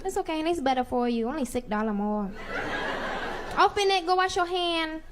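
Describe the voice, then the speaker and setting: A woman's voice: high voice, animated, moderate pace. A woman voicing a pushy female nail salon worker who sweet-talks in broken English during a stand-up bit, with a live crowd heard. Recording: live club, loud crowd and noise.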